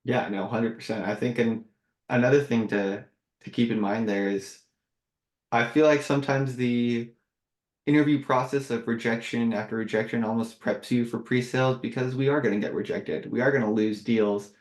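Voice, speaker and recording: A man co-hosting a podcast in casual chat, relaxed and agreeable, swearing now and then. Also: mid-range voice, moderate pace. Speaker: podcast co-host, sales engineer. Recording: roomy echo.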